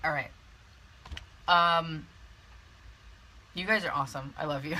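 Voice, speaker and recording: A woman's voice: low-pitched, steady tone, a little slow, sharp tone, slight background noise, poor audio. A young woman hosting a casual live video, chatty and laughing often with lots of fillers and restarts. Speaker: network marketing coach hosting a live video. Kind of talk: casual live-stream chat. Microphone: phone or webcam on a live video.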